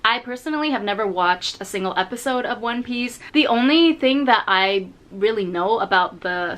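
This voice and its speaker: A woman chatting casually through a makeup review vlog from her home, rambling into asides, leaning on fillers, and jumping up in pitch when she stresses a point. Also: a bit bright. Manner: jumps up in pitch on emphasis. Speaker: beauty vlogger. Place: home in Japan.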